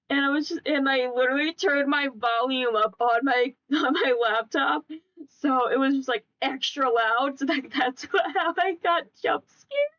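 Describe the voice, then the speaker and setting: A woman's voice: a little high, a bit bright, muffled recording. A young woman streaming a casual chat, giggling and breaking into laughing fits as she talks.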